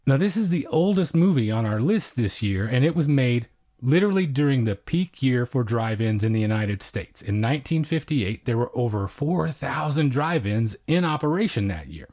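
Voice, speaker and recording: A man's voice: mid-range voice, animated, normal speed, a little mellow. A man co-hosting a podcast, chatting casually and wryly about horror films. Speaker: podcast co-host. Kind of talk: casual film review chat.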